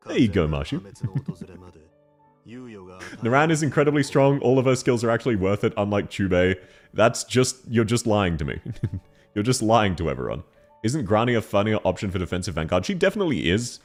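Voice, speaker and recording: Guy streaming and answering chat, kinda low voice, jumps up and down a lot, laughs a bunch, faint music behind. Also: big pitch swings, a little fast. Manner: playful, laughs often, teasing viewers.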